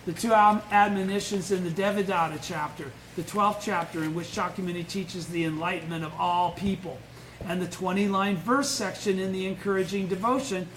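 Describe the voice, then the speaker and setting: A man's voice: high voice, steady tone, fairly quick, a bit bright. A man leading an informal Buddhist study lecture, blunt and emphatic, who keeps putting questions to the group. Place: indoor meeting room, live-streamed. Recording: echoey room with faint noise.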